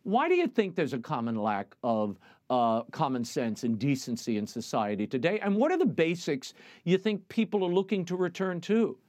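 Lively-pitched male TV host. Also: dry recording. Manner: measured, newsreader delivery. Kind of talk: broadcast news and interview.

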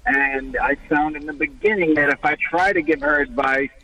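A man's voice: a little high, normal speed, bright, forceful tone, recorded from a distance, low-quality recording. A man calling in to an advice show, earnestly explaining how he handles his partner's upsets. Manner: earnest, explains what he tries at home. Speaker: caller. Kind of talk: describing his situation on a call-in show.

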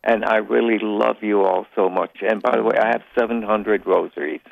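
A man calling in to a radio show, speaking earnestly in a flat, even way. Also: on the low side, normal speed, gravelly, dry recording. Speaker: caller. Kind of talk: call-in comment. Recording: tinny phone line.

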